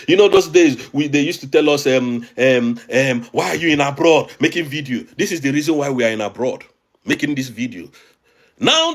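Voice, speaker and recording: Nigerian male host, high and lively voice, emphatic and agitated commentary with lots of repetition. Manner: emphatic and agitated, repeating phrases. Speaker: online show host. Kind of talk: impassioned political commentary. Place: abroad, recording a video.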